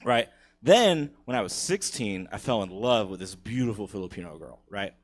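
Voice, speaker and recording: A man's voice: lowish voice, animated, moderate pace. Profane laughing stand-up comedian man. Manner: crude, profane, laughing at his own jokes. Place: comedy theater stage.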